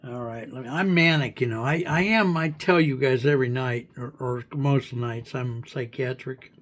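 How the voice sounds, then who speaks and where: A man's voice: medium pitch, moderate pace, fairly bright tone. A man hosting a livestream who speaks candidly and plainly about himself. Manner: candid, plain-spoken, self-disclosing. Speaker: livestream host. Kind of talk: confessional livestream talk.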